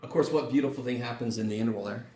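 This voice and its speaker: A university math lecturer with a medium-pitched, dark voice talks very fast, joking casually and swearing freely as he explains. The lecture is recorded from far off in an echoey classroom, with a little hiss or hum.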